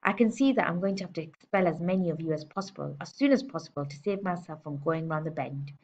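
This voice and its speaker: A woman's voice: deep voice, quick pace, a little hiss or hum. A woman reading aloud and voicing a huge, bullying headmistress who barks her words with scorn; dull lo-fi recording. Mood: scornful. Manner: barking, loud and scornful.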